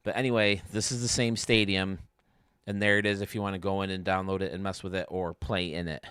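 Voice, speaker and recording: A man's voice: low-pitched, little pitch movement, fairly quick, fairly bright tone, clear, resonant tone, no echo, clean studio sound. A man hosting a casual livestream from home, chatting as he explains game menus step by step. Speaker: YouTube gaming streamer.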